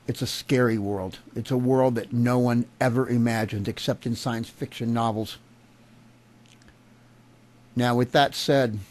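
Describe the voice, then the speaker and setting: A man's voice: mid-range voice, darkish tone. A man delivering an angry, profane political rant to camera, agitated and furious. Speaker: vlogger.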